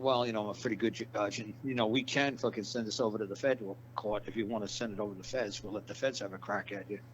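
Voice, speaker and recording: A man telling a long story in a casual interview, animated and profane, acting out the people in his tale. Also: lowish voice, muffled recording, slight background noise. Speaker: guest.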